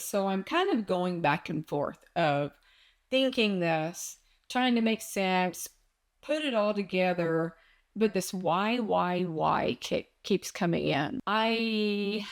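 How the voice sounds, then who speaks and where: A woman's voice: on the low side, vocal fry. A woman talking in a personal vlog, distressed and close to tears, searching aloud for answers. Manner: distressed and searching, slow with many pauses. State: on the verge of tears. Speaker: vlogger.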